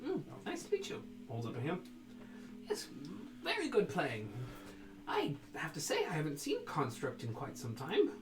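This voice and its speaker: A man voicing an eccentric, nosy old male gnome with a high, swooping voice and breathy whispers. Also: huge pitch swings, moderate pace, roomy sound, poor audio. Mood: curious.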